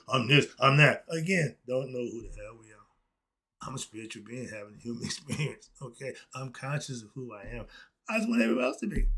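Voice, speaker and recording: A husky man with a slightly high voice delivers an impassioned solo talk. He is emphatic, rambling and blunt, and he curses often. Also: fairly bright tone. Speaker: self-styled philosophy teacher.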